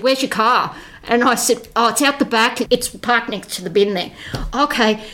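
A woman, a podcast guest chatting through a personal story and acting out the voices in it. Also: a bit bright. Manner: chatty, acts out voices in her story with quick pitch jumps. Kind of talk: casual storytelling.

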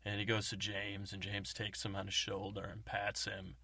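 A man's voice: fairly low pitch, completely flat delivery, moderate pace, gravelly, pushed and bright, husky, no echo. A man hosting a comedy podcast, telling an improvised story in a rambling way. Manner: rambling, many fillers and restarts. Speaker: podcast host.

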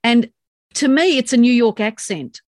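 A woman's voice: on the high side, lively intonation, moderate pace, no room sound, clean studio sound. A woman, co-hosting a casual podcast chat, asking trivia questions and giggling often. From Australia. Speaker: podcast co-host.

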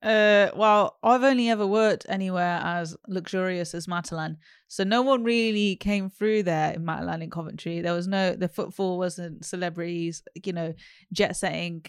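A woman's voice: fairly low pitch, fairly even intonation, moderate pace, clear, resonant tone, no echo. A young woman, co-hosting a casual chat with dry, wry reactions. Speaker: podcast co-host.

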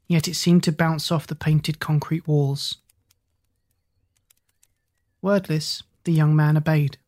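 A man reading a hard-boiled crime story aloud in a measured storytelling voice. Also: fairly high pitch, darkish tone. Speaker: narrator. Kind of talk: audiobook narration.

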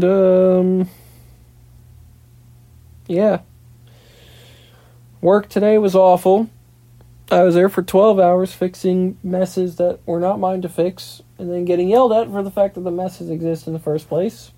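Young solo podcaster spinning a loose, profane anecdote, with a warm low tone and a dry booth sound. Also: little pitch movement, measured pace, pauses often, dry recording. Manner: rambling, profane, filler "blah, blah, blah". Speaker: podcast host and pilot in training. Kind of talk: casual solo storytelling monologue.

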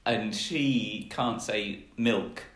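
A man's voice: lowish voice, extremely slow, fairly bright tone. A young man chatting casually, hesitant with lots of fillers. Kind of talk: casual chat. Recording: echoey room.

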